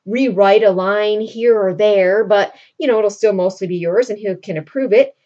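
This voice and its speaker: A woman casually quoting a proud, scheming middle-aged nobleman in a raised pitch while retelling a story. The recording sounds dull and lo-fi. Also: moderate pace, warm tone, close to an everyday voice.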